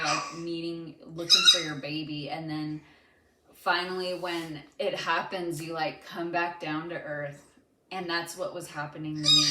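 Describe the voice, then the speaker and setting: A young woman and mother casually telling the story of a birth, animated and dramatic, with many fillers. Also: sits low. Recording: echoey room with faint background noise.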